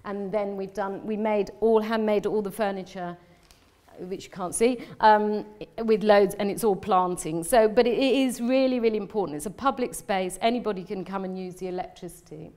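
This London woman gives a live slide lecture in a mid-range, warm voice at a moderate pace. She's chatty and rambling, often interrupting herself and restarting, and she's emotionally open, laughing frequently.

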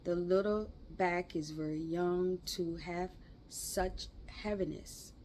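Gentle German-accented professor, kind and sober, low slow voice as a woman reads him. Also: steady tone, slight background noise. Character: kind humble German professor, middle-aged man.

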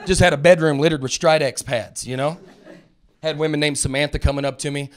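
A man in his thirties with a thick Alabama drawl works through a stand-up set, rambling and poking fun at himself. His voice sits a little high for a man. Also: fairly even intonation. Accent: Southern US, Alabama. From North Alabama. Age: 30s. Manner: drawling, rambling, self-mocking storyteller who puts on quick character voices. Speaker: stand-up comedian.

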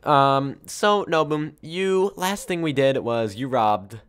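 Young male gaming host, jokey and bossy, animated mid-range voice. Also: medium pitch, takes it slowly, clear, resonant tone. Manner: playful, joking, bossy. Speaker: YouTuber host. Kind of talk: casual gaming banter.

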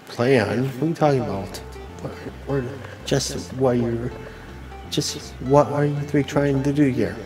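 A man reading video game dialogue aloud as a let's player, with a halting delivery and frequent restarts. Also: mid-range voice, low-quality recording.

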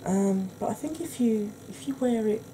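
A woman with a husky, croaky voice hosts a soft-spoken ASMR makeup tutorial, chatting gently to her viewers. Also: mid-range voice, animated, normal speed, background noise. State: husky, croaky voice from a sore throat.

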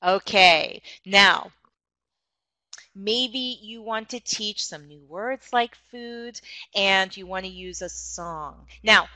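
A woman's voice: mid-range voice, slow, pushed and bright, no echo, low-quality recording. A woman demonstrating online teaching ideas for English teachers, explaining in an encouraging tone.

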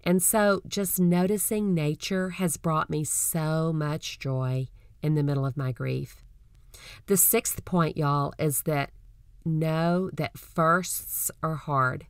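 A middle-aged woman hosting her own podcast, talking in an earnest, folksy and gently encouraging way. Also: low voice, fairly even intonation, takes it slowly, clear, resonant tone, no room sound, studio quality. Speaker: podcast host. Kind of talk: personal podcast talk.

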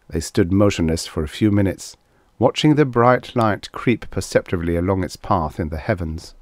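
Narrator, male, low voice, very expressive, dry close mic. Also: moderate pace, few pauses, no echo. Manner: animated character reading. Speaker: audiobook narrator. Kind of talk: scripted narration.

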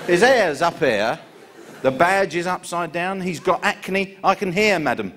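A middle-aged man telling a sardonic stand-up story, his high voice swooping up and down. It is heard on a live recording with loud noise behind. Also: lively intonation, normal speed, over a noisy crowd. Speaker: stand-up comedian. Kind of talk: stand-up comedy routine.

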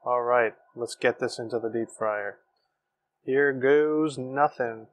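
Speaking slowly in a mid-range voice, this BBQ cooking show host runs a casual vlog with lots of enthusiasm, exclaiming as he talks to his viewers.

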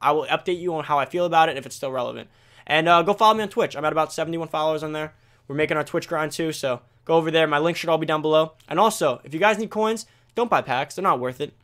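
Teen boy video host, rattles through tips at top speed, slightly high voice. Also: fairly bright tone. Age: teens. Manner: rapid, self-correcting, talks straight to viewers. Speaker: gaming video creator. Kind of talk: fast casual game commentary.

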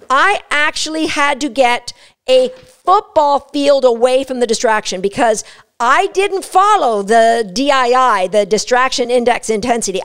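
A woman explaining dog training step by step in an energetic, instructive way. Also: a little high, smooth. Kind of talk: instructional talk.

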